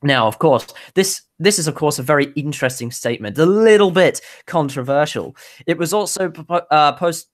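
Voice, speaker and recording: A woman's voice: deep voice, expressive, normal speed. A woman co-hosting a casual motorsport news podcast, bubbly and rambling, often restarting her sentences. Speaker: podcast co-host presenting news.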